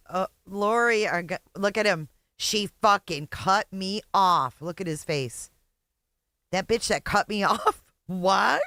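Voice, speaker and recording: Sarcastic, cussing reaction host, slow and dry. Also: mid-range voice, bright, forceful tone, no echo. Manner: profane, sarcastic, laughing. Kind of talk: casual reaction commentary.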